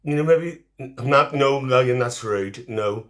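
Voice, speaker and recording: A man with a mid-range, fairly bright voice, speaking unhurriedly and lightly in character, plays a chatty, cheeky middle-aged auntie. Hosting a live stream on a phone, he teases and mothers viewers while reading their comments.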